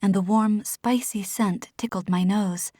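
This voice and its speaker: A woman narrating a first-person fantasy novel in a soft, hushed, measured voice. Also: medium pitch, fairly even intonation, dry recording, clean studio sound. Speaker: audiobook narrator.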